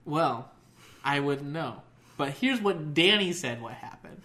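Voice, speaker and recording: A man's voice: a little high, a little slow. A young man casually telling a long story, swearing and laughing a lot. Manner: profane, laughs often, animated.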